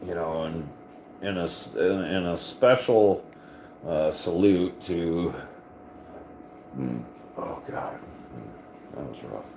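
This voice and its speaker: A man's voice: deep voice, slow, pauses often, echoey room, background noise. A man vlogging in casual chat, rambling and joking with crude language.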